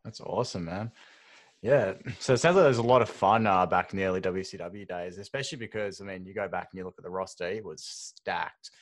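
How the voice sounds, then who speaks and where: Low-voiced young male interview host. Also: brisk, dry recording. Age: 20s.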